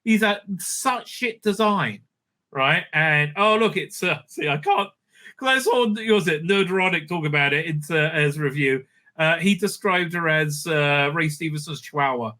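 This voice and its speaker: A man's voice: fairly high pitch, a little slow, pushed and bright. A man hosting a casual spoken review, sarcastic and crude, with many hesitant fillers. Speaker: show host, reviewer.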